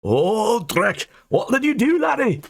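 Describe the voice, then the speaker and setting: A man's voice: fairly high pitch, sing-song, slow, gravelly, a bit bright, breathy edge, no room sound, voice pushed up, heavily acted. A man voicing a blunt male dwelmer archer who calls the others lad. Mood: alarmed.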